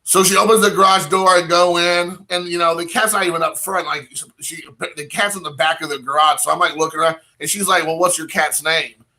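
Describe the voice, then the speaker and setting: A young man spins a long personal story in a loose, rambling way, with "like" in nearly every sentence. His voice sits a touch high and rings very bright and sharp, and he slips into quoted dialogue as he goes. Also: steady tone, fairly quick, few pauses. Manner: rambling, heavy use of "like" fillers, quoting himself and others. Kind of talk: casual anecdote storytelling.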